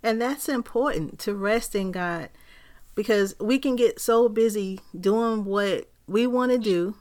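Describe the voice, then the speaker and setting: A woman talks about rest and faith in a calm, measured manner. She has an average pitch and a plain voice, and her sentences build like a short sermon. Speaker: minister in a faith podcast conversation. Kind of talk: reflective faith conversation.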